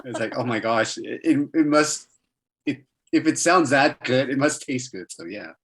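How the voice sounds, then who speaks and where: A man's voice: mid-range voice, lively intonation, normal speed, a bit bright, slightly rough. A man joining a casual livestream chat, laid-back and stumbling over his words. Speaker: guest co-host.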